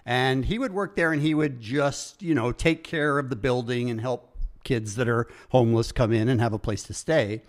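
A man in casual chat who teases his co-host and then tells a story of his own in a relaxed way. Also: mid-range voice, moderate pace. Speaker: podcast co-host.

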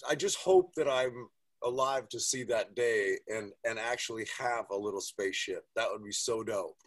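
A man's voice: fairly low pitch, moderate pace. A man, a father, telling stories in a casual, profane chat. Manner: profane, animated storyteller.

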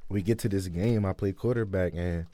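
Low, dark-voiced young man telling a story. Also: moderate pace, no echo. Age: young adult. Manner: animated storyteller, acts out quotes loudly. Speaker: interview guest, college football player. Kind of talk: casual storytelling interview.

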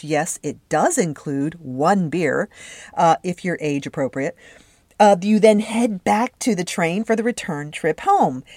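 A woman's voice: fairly low pitch, no echo. Chatty enthusiastic woman podcaster. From Southern California. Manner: chatty, enthusiastic storytelling with fillers. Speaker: podcast host. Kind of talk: casual solo podcast monologue.

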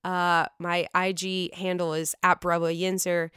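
Talking at a slightly slow pace, this Pittsburgh-accented woman hosts a loose podcast conversation full of excited gushing and profanity. Illness has pushed her pitch down, but the tone is still smooth and bright, captured up close in a dry, echo-free recording.

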